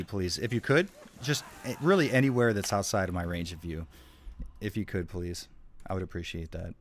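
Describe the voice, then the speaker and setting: A man's voice: low-pitched, normal speed, a little hiss or hum. A young man streaming a horror game, swearing and trash-talking the enemies as he plays. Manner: profane, excitable, jokey trash talk at the game. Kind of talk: live gameplay commentary.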